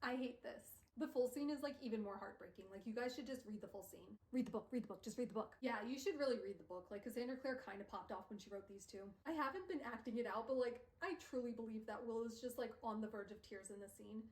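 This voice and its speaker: A woman's voice: fairly high pitch, fast talker, hardly any pauses, a little mellow. A young woman streamer recapping a book in her room, chatty and self-deprecating, saying "like" constantly. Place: her bedroom. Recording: roomy sound from a distant mic.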